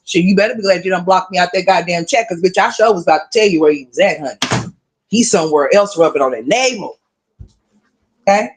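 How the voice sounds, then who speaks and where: A woman's voice: on the low side, fast talker, background noise. A woman hosting a casual gossip commentary livestream, sassy and profane, talking straight to her viewers.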